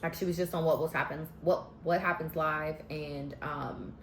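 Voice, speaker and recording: A woman talks straight to her viewers in a sassy, animated recap vlog, with a slightly low voice. The room sounds roomy and echoey, with a faint hum behind her. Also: moderate pace. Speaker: vlogger recapping a TV show. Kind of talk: casual recap commentary.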